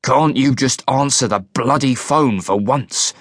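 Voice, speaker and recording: A man's voice: medium pitch, measured pace, a bit bright, no echo, clean studio sound. A man voicing a harried, brusque middle-aged police inspector who swears under his breath in an audiobook. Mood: irritated.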